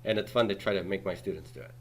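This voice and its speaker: A man's voice: sits low, racing. A man in his forties teaching a Greek grammar class, patiently explaining and checking in with students with "okay?" and "right?". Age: 40s. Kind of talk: classroom lecture.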